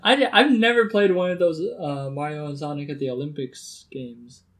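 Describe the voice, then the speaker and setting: A man's voice: fairly high pitch, normal speed. A man co-hosting a podcast, chatting casually and laughing easily, with many fillers. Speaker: podcast co-host. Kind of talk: casual chat.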